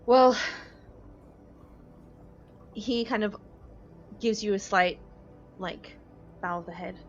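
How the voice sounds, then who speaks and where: A woman's voice: mid-range voice, slow pace. A woman running a tabletop game as dungeon master, narrating loosely with fillers and laughs. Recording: dull lo-fi podcast audio.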